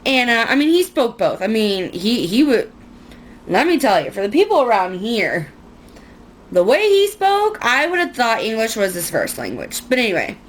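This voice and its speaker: A young woman with a drawl talks her way through a makeup routine, her voice sitting a little high. She rambles, pokes fun at herself, and drifts off on side stories. There's a faint hiss of background noise under her. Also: wildly swooping pitch, moderate pace. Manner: chatty, rambling, self-mocking with frequent laughs. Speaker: beauty vlogger. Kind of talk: casual makeup tutorial chat.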